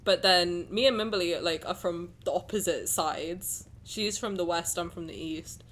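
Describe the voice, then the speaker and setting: A young Englishwoman with a southern accent and a faint transatlantic edge, talking with her stream chat. She rambles cheerfully and leans on "like" fillers. Her voice sounds clear and bright on a close desk mic. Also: fairly low pitch, normal speed. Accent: southern English, slightly transatlantic. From England. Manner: rambling, chatty, lots of "like" fillers. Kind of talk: casual chat with live stream chat.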